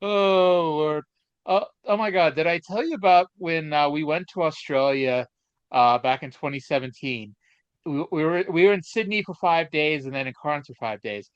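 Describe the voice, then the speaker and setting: A man's voice: a little high, normal speed, smooth, dry recording. Rambling man with a dull, dry sound. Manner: rambling, hesitant storyteller with many fillers. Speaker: podcast co-host. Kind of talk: casual chat.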